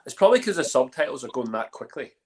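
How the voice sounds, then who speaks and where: A man's voice: mid-range voice, big pitch swings, quick pace. A man hosting a casual online chat, chatty and full of restarts. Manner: chatty, many restarts and fillers. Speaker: host. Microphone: online call.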